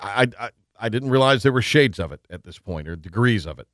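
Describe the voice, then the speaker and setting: A man's voice: on the low side, no echo, clean studio sound. A man hosting a sports talk radio show, chatting and joking casually with his co-host, often restarting his sentences. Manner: animated, quick to joke, restarts sentences.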